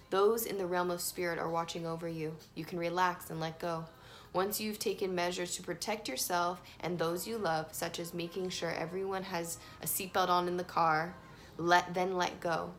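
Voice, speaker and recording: Lady doing a chill tarot reading, kinda low voice, casual and punchy, quiet music in the back. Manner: casual and emphatic, swings between soft and loud. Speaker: tarot reader. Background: faint playlist music.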